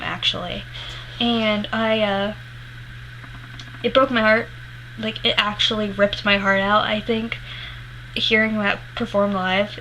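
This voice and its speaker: A woman's voice: mid-range voice, a bit bright, a little hiss or hum, poor audio. A woman vlogger animatedly retelling a personal story to camera, swearing freely and laughing as she goes, emotional while she remembers it.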